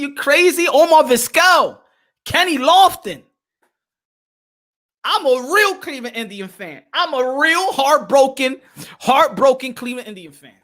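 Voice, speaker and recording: A podcast host with a very high-pitched, sharp voice runs a casual livestream. He talks animatedly, repeats phrases, and calls out to his chat.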